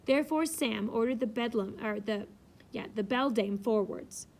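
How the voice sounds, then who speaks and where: Haughty bossy young lady read by a woman, raised pitch, orders everyone around, audiobook style. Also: moderate pace, vocal fry, darkish tone. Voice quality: imperious, commanding.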